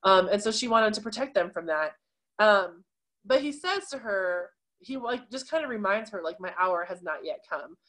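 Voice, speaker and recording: A woman teaching an adult confirmation class, explaining scripture in a relaxed, chatty way with many fillers. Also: mid-range voice, normal speed. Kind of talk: casual teaching talk on scripture.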